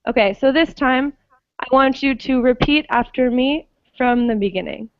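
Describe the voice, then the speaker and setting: A woman's voice: high-pitched, dry recording, muffled recording. A woman teaching an online English pronunciation class, patiently checking that students follow. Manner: slow, patient, checks understanding often.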